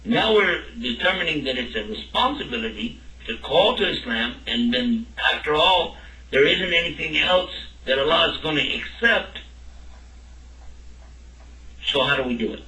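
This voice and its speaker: A religious teacher lectures his class in a fairly high, animated voice with a sharp tone, speaking at a moderate pace and quizzing listeners as he goes. The mic sits at a distance in an echoey room.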